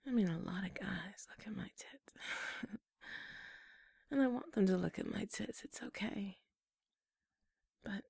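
A young woman in a whispered role-play, murmuring coaxing, teasing directions with soft little laughs. Her whisper is very airy and mellow, with a faint gravelly edge, and she takes her time over every word. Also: medium pitch, no room sound, studio quality. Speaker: ASMR role-play performer.

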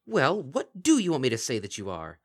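A man voicing a weary female changeling in a storybook reading, speaking flat and resigned. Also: mid-range voice, a little fast, pitched above the performer's own voice. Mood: weary dry. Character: weary disguised female changeling, dry and exasperated.

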